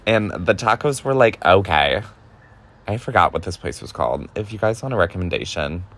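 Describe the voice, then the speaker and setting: A man's voice: sits low, lively intonation, normal speed, fairly bright tone. A young man casually telling a story, chatty and profane, with lots of filler words. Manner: chatty, heavy use of "like", profane. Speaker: podcast host.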